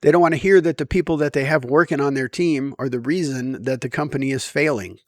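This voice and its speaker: A man's voice: mid-range voice, fast, dry recording, studio quality. A middle-aged man musing at home in a rambling, wry, self-deprecating monologue. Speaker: vlogger.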